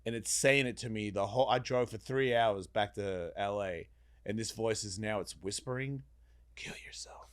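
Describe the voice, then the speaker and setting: Low-voiced man telling a story. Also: moderate pace, clean tone. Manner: animated, swearing, acts out voices in his story. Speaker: podcast guest. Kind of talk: casual storytelling chat.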